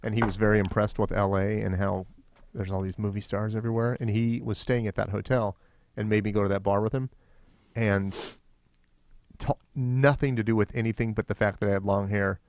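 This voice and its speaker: A man co-hosting a podcast in casual chat, telling rambling anecdotes and getting loud and excited. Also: fairly low pitch, fairly quick, no echo, studio quality. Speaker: podcast co-host.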